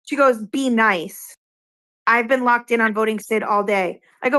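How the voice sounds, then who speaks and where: A woman from Massachusetts with a fairly high voice tells a story in casual chat. She retells an online game argument line by line, quoting both sides and swearing freely. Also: moderate pace, fairly bright tone.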